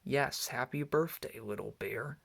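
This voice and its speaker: A calm, sensible mother bear from a storybook, as a man reads her aloud. She speaks with slow patience and gentle teasing, in a gravelly voice. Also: medium pitch, full character voice. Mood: patient. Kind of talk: reading a children's book aloud.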